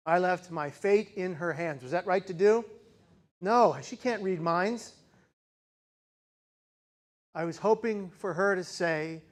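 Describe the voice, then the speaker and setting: High-voiced man telling a dramatic story. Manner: dramatic, swings from raised intensity to hushed, slow emphasis; addresses audience directly with rhetorical questions. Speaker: keynote speaker. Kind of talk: personal storytelling speech to a live audience.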